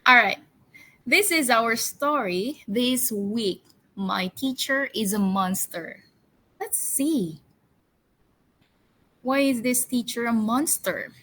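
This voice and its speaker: A woman English teacher leading a storytelling lesson for children, coaxing them with cheerful questions and slow call-and-response word drills. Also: on the high side, bright, forceful tone, low-quality recording.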